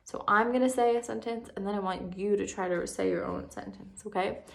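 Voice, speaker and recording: A woman teaching a first grade spelling lesson on video, patient and encouraging, drawing words out slowly for young children. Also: mid-range voice, steady tone, creaky.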